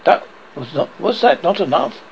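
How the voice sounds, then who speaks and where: A man's voice: a little high, animated, normal speed, muffled recording, slight background noise. A man voicing a frightened old husband who speaks unsteadily and falters. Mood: shaken. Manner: shaken, faltering.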